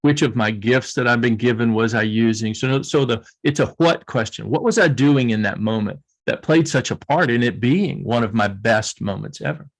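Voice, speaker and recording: A man's voice: mid-range voice, moderate pace, creaky, hardly any pauses. A middle-aged man with a Southern US accent, speaking as a guest coach in an earnest, reflective way and often restarting his phrases.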